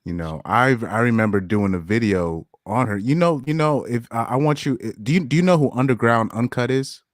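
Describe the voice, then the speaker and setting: A man chatting casually on a podcast, talking in a relaxed way with hesitant restarts. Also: mid-range voice, a little fast, no echo, studio quality.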